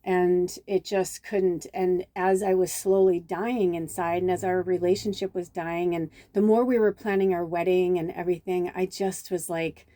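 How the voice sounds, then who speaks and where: A middle-aged woman from Chicago tells a long personal story in a casual vlog, wandering off on tangents. Her voice is warm and relaxed. The sound is dry and close, with almost no room echo. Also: lowish voice, moderate pace, hardly any pauses. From Chicago, USA. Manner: rambling and digressive, with casual swearing; acts out quoted dialogue with lively reactions. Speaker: spiritual medium.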